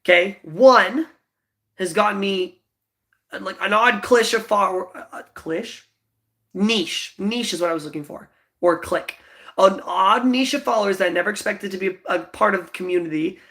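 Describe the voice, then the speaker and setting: At a moderate pace, a young male livestream host in his twenties chats with his audience in a high-pitched, slightly bright voice. The talk is casual and meandering, full of fillers and frequent giggles.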